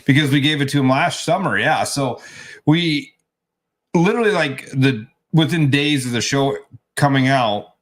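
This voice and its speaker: A man's voice: medium pitch, moderate pace. A man co-hosting a casual chat, telling a story in a rambling way with many restarts. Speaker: co-host.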